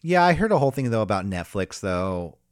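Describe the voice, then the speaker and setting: Animated man recapping wrestling matches. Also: a little fast, clean tone, dry recording, studio quality. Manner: animated, loose, swears, mocks wrestlers in high shouted voices. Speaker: wrestling podcast co-host. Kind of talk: casual chat and match recap.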